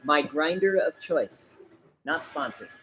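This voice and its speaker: A slightly high-voiced American man hosts a casual livestream, chatting and laughing as he brews coffee. He talks slowly with lively intonation, poking fun at himself and laughing often. His tone is a bit bright, with a faint hiss or hum in the audio.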